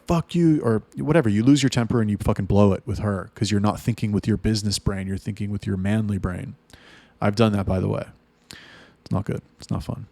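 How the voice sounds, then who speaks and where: A man giving blunt, heavily profane advice in a ranting monologue. His pitch jumps up to hit his points. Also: gravelly, dry recording. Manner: lively, rising in pitch for emphasis. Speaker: OnlyFans agency owner giving advice.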